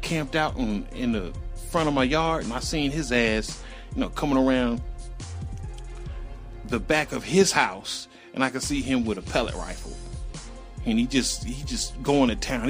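A man's voice: mid-range voice, a bit bright. A middle-aged man telling a personal story in a loose, profane, rambling way, acting out sounds as he goes. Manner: acts out sounds and voices animatedly.

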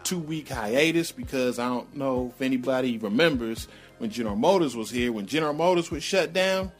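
A man's voice: mid-range voice, expressive, fairly quick, faint music behind. A middle-aged man telling a personal story in a blunt, slangy, rambling way, full of profanity.

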